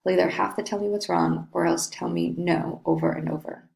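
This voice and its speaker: A woman's voice: on the low side, fairly even intonation, fairly quick, gravelly, darkish tone. A woman reading the part of an earnest young man who coaxes and questions his cousin. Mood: concerned. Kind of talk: reading a play aloud.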